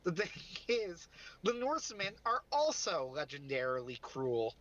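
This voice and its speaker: Rambling, bright-voiced male livestream co-host. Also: a little high, very animated, unhurried, dull audio. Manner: rambling, self-interrupting, laughs often. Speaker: podcast co-host. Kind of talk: casual livestream chat.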